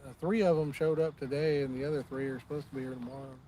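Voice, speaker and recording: A man's voice: mid-range voice, fairly even intonation, fast, dark tone, a little hiss or hum, low-quality recording. A man hosting a live fishing stream outdoors, chatting casually and talking straight to the viewers in the chat. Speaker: fishing channel host.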